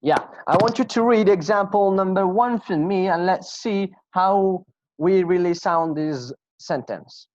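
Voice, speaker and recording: A man teaching an English class online, slowly repeating example phrases and asking students questions. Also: high-pitched, darkish tone, slight background noise. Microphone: video call. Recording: dull lo-fi video call audio.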